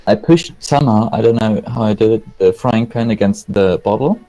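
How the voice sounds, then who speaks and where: A man co-hosting a casual gaming chat, telling a halting, rambling anecdote. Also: lowish voice, mellow, faint music behind, rough recording. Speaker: gaming channel co-host.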